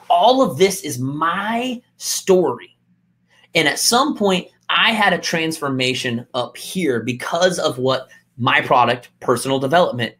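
Animated man giving a motivational talk. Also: medium pitch. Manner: emphatic, repeats key lines, acts out quotes.

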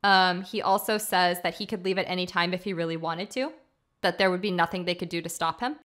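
A woman co-hosts a podcast, chatting through a film's scenes in order and playing out the characters' quotes with lots of filler words. Her voice is on the low side and her pace a touch fast.

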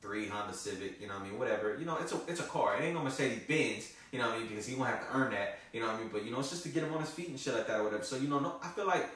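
A man's voice: medium pitch, animated, very fast, hardly any pauses, a bit bright. A man telling a story in a loose, profane, casual vlog style. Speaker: vlogger. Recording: echoey, from far off the mic.

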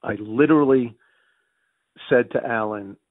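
A man with a Northern US accent, telling business stories as an interview guest, acting out the dialogue he recalls with quick restarts. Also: mid-range voice, no echo, phone-quality sound. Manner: lively storyteller who acts out quoted dialogue with restarts. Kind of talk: animated business storytelling.

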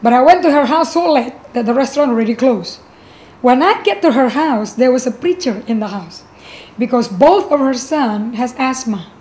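A middle-aged pastor from Indonesia shares her personal testimony with a bright, high-pitched voice. She tells the story vividly and acts out each exchange as she goes. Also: normal speed. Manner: animated storytelling, acting out dialogue.

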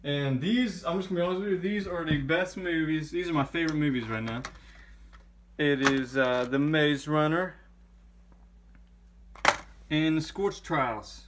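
A young man chatting casually into a handheld camera mic, excitable and prone to repeating himself and laughing. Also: fairly high pitch, measured pace, long pauses, noisy background. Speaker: gaming vlogger.

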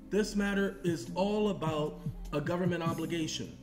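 A man's voice: a little high, normal speed. Brief: emphatic man presenter, instructional rant, echoey room with music in the background. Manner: animated, emphatic, repetitive lists. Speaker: online presenter. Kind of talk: instructional monologue with acted phone calls.

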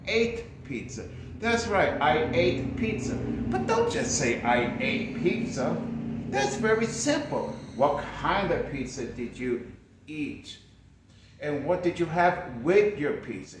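A man's voice: fairly high pitch, slight background noise. A man teaching an English lesson in a playful, exaggerated way, acting out both sides of a practice dialogue. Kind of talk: energetic language lesson. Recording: very echoey room with faint ambience.

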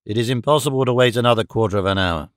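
A man's voice: medium pitch, very fast, dry recording, clean studio sound, voice pushed down, lightly acted. A man reading the part of an earnest mayor who urges a crowd in a pressing, pleading way. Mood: urgent. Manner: urgent, pleading.

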